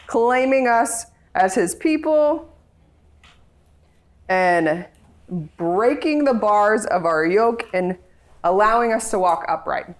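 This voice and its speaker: A woman leading a group Bible study, chatty and playful, laughing often as she explains the reading. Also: mid-range voice.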